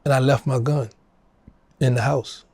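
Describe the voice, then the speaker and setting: Gravelly New Orleans man telling a story. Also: measured pace, dry recording. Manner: animated storyteller, acting out quoted voices in a higher pitch. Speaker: interview guest. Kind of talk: storytelling in a casual interview.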